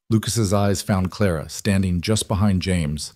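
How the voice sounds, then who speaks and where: Low-voiced male story narrator. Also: unhurried, hardly any pauses, dry recording, clean studio sound. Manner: even, steady storytelling.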